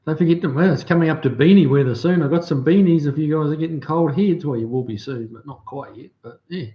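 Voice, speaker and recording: In a slightly high voice, a New Zealand man talks fast while hosting a livestream, reading out viewer comments and chatting casually with frequent ums and restarts. The recording loses its highs and has a roomy echo.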